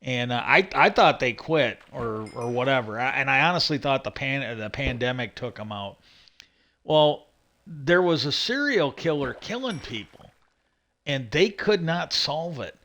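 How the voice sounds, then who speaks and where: A man's voice: medium pitch, expressive, unhurried, pushed and bright. A man hosting a livestream, casually rambling through stories with many fillers and restarts. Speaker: livestream host.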